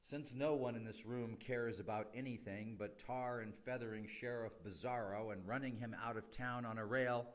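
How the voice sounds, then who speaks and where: A man's voice: mid-range voice, fairly even intonation, moderate pace, few pauses, natural voice. A man voicing a sarcastic, scheming board chairman in a satirical cartoon, with a dry, mocking manner.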